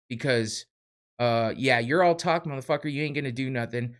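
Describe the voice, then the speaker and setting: A man's voice: a little high, moderate pace, a bit bright. Profane, heated man ranting on a podcast. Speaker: podcast host. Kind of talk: casual podcast rant.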